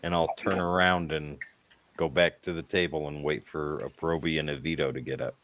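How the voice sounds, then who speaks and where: A man playing a tabletop game, describing his character's actions in a relaxed, matter-of-fact way. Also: very deep voice, moderate pace. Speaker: player. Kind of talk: casual tabletop play.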